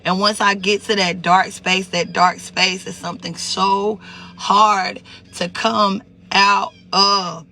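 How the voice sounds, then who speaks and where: A high-voiced man talks straight to his live-stream viewers, his tone bright and edged with a gravelly fry. He speaks with raw emotion, greets people by name and circles back over the same words.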